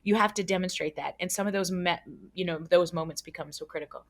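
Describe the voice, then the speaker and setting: A woman guest on a podcast, a child psychologist with a lowish voice. She tells vivid, animated stories, swears freely, and acts out every scene as she goes. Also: fast talker.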